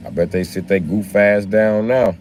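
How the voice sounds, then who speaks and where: A man's voice: lowish voice, steady tone, moderate pace, a little mellow, slight background noise. A young man from the Chicago area chatting casually with viewers on a phone livestream, rambling and profane with streetwise slang. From Chicago area, USA. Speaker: livestream host.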